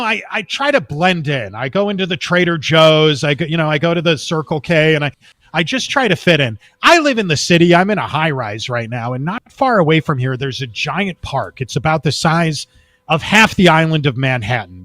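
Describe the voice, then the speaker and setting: Calling in remotely from a high-rise apartment, a man from Texas guests on a talk show and tells long, meandering stories casually and animatedly, at a normal speed.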